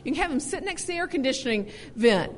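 A woman's voice: high-pitched, animated, fast, big-room sound. A middle-aged woman co-hosting a casual parenting talk, explaining earnestly with playful asides. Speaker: co-host.

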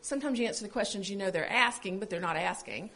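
A woman co-hosting a casual chat about parenting, telling stories in an earnest, expressive way. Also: medium pitch, fast. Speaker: podcast co-host.

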